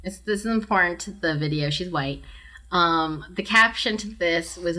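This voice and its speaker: A woman's voice: fairly low pitch, moderate pace, pushed and bright. A woman hosting a casual podcast, chatting loosely with lots of ums and likes. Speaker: podcast host. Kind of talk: casual chat.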